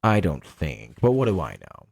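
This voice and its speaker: A man co-hosting a podcast, chatting loosely with plenty of swearing and laughter. His pitch jumps all over the place, and the sound is dry and close, with no room echo. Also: moderate pace, gravelly, husky. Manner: animated and profane, laughs often. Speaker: podcast co-host. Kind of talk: casual chat.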